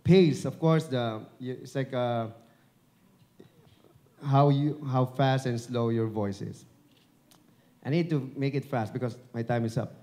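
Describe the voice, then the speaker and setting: Filipino man, mid-pitched, mellow tone, speaking to an audience: chatty, encouraging, joking, on a handheld mic. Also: a little slow, long pauses. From Philippines. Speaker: dubbing director and broadcaster giving a talk. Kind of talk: live speech at an event. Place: event venue before an audience. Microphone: handheld microphone held at the chin.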